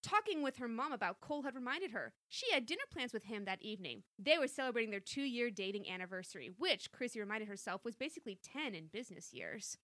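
A woman's voice: on the high side, fast talker, hardly any pauses, no echo, clean studio sound. A woman co-hosting a comedy podcast, reading a story aloud with playful emphasis and chatting between passages. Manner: reads dialogue with lively, playful emphasis. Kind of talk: comedic read-aloud with commentary.

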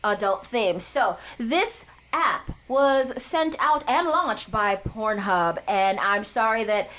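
A woman's voice: fairly high pitch, expressive, slow, fairly bright tone, slight background noise. A woman co-hosting a casual comedic podcast, blunt and playful, laughing often. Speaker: podcast co-host.

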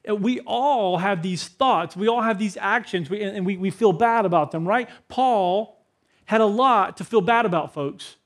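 High-voiced man preaching a conversational sermon. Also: normal speed. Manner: conversational, asks the room questions. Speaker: pastor. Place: church hall with a congregation.

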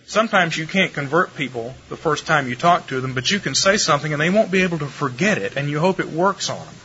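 A man preaching a lecture-style sermon, animated and shifting his pace and pitch for emphasis. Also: quick pace. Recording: muffled live recording with faint room noise.

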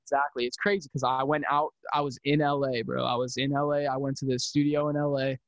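A man's voice: mid-range voice, little pitch movement, fast talker, no echo. A man talking as a podcast guest about audio engineering, in casual chat that rambles with many fillers and restarts and turns emphatic.

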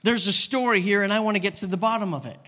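High-voiced man preaching in a reverberant church. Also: fast talker, sharp tone. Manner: casual storytelling preaching with repeated restarts. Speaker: guest pastor. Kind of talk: sermon. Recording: long reverb of a church hall.

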